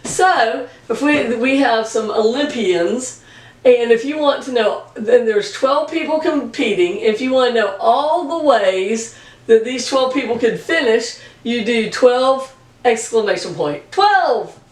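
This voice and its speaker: A woman's voice: a little high, a little slow, far from the mic. A woman math teacher giving a recorded video lesson, chatty and plain-spoken with jokey asides. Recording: echoey room, voice from off-mic.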